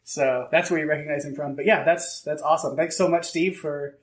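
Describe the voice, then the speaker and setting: A man co-hosts a podcast in an upbeat, casual tone, thanking listeners and chatting freely. His voice runs a bit higher than most men's. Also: fairly even intonation, a little fast. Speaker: podcast co-host.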